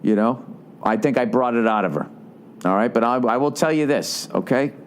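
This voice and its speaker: Man, podcast host, exasperated, sarcastic, heavy swearing, mid pitch, faint background noise. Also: moderate pace. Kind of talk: profane ranting storytelling.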